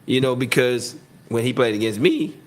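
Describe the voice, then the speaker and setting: A man telling football stories in a casual interview, acting out quotes loudly and laughing often. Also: mid-range voice, moderate pace. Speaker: retired football receiver, guest.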